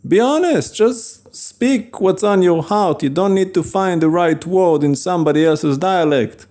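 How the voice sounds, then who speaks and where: A man's voice: high-pitched, measured pace, hardly any pauses, a little mellow. A man preaching an informal sermon in an earnest, plain-spoken, conversational way.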